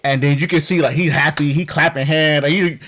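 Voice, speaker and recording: A man's voice: a little high, fairly even intonation, brisk, background noise. A man telling loose, easygoing stories as a podcast guest. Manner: easygoing, loose storytelling with fillers. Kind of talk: casual podcast chat.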